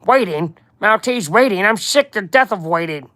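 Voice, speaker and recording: An impatient, heavyset male crime boss from a comic, fed up and snapping, as a man puts him on while reading aloud. The voice sits a little high for a big man, and the sound is close and dry. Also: animated, moderate pace, pushed and bright, no echo. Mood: irritated.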